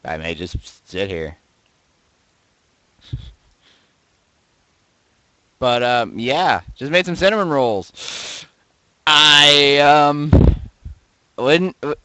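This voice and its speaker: A man casually reading and joking about viewer posts, laughing often and swinging between loud outbursts and mumbles, close to his desk mic. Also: fairly high pitch, animated, slow pace, pauses often, smooth, no echo, low-quality recording. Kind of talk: casual commentary. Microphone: desk mic right beside him.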